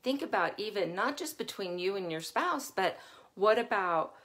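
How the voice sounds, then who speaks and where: A woman with a voice of ordinary middle pitch talks casually in a live session for parents. Her delivery is chatty and full of easy laughter. She often turns to the listener with rhetorical questions. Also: lively intonation, normal speed, a bit bright. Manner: chatty, laughs often while telling stories.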